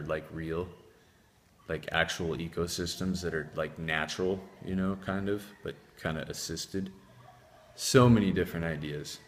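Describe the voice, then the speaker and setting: A man's voice: deep voice, a bit bright, slight background noise. A man hosting a casual vlog in a home workshop, rambling and swearing as he jumps between topics. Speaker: channel host. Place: home workshop showing tools. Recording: long reverb.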